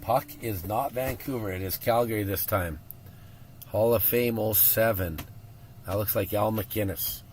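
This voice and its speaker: A man hosting a live card break, chatty and getting excited as he reveals pulls. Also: on the low side, unhurried, slight background noise.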